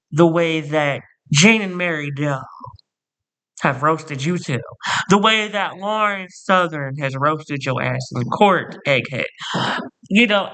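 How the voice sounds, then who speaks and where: A man's voice: on the high side, sharp tone. A man from New Jersey delivering a rambling, profane comedic roast monologue, often sidetracking into mock-indignant rants. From New Jersey, USA. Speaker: comedian host.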